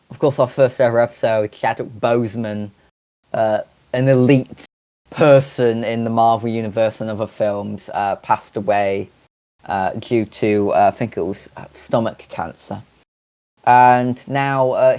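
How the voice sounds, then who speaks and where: A man co-hosting a casual podcast, talking in a halting way with frequent pauses and restarts. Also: on the low side, a little mellow, muffled recording. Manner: halting, many fillers and restarts. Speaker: podcast co-host.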